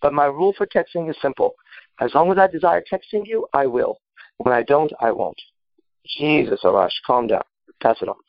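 Brief: boastful, foul-mouthed man, slightly high voice, dry dull sound. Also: expressive, brisk, no echo. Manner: boastful, swearing, rambling with filler words. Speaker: panel host answering a listener question. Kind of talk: brash profane casual talk.

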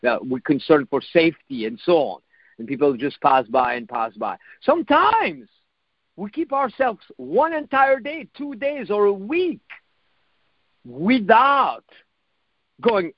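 A man's voice: high-pitched, sing-song, unhurried, no echo, highs cut off. A man giving a motivational self-help talk in a reflective coaching manner, repeating phrases and swearing now and then.

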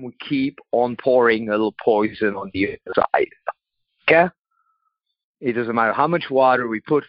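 Measured man lecturing on self-worth. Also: mid-range voice, no room sound, dull audio. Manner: measured, explaining with analogies. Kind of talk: motivational lecture.

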